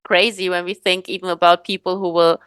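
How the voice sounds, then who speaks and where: Smooth-voiced woman musing aloud. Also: fairly low pitch, level tone, fairly quick, a bit bright, dry recording. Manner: thoughtful, rambling with fillers and restarts. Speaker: podcast co-host. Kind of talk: casual podcast chat.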